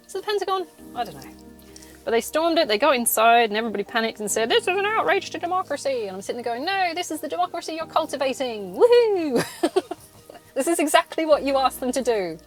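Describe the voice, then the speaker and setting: A woman's voice: fairly high pitch, poor audio. A woman hosting a solo podcast from her car, ranting in casual chat, swearing and laughing between points. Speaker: podcast host.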